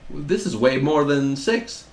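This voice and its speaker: A man's voice: a little high, expressive, slow pace, darkish tone. A young man co-hosting a podcast, chatting casually with loose, profane banter. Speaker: podcast co-host. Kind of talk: casual chat.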